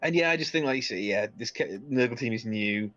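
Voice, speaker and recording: A man co-hosting a podcast, laid-back with quick deadpan quips in casual chat. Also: medium pitch, no room sound, dull audio. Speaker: podcast co-host.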